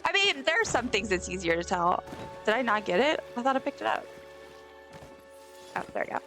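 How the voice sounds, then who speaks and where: A woman's voice: fairly high pitch, very animated, a little fast, a bit bright, faint music behind. A young woman from the States, chatting casually and rambling with lots of fillers while she plays a game on a live stream. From Southern United States.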